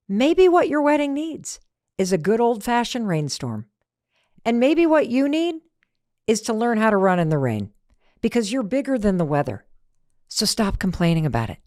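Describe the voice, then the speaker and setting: A middle-aged woman hosting a motivational talk, animated, asking rhetorical questions and acting out everyday scenes. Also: medium pitch, dry recording, studio quality. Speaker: podcast host.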